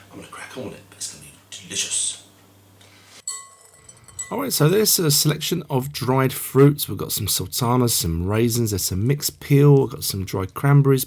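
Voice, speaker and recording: A man's voice: lowish voice, creaky, slight background noise. A man hosting a casual cooking tutorial, chatting along with rambling asides. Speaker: cookery show host.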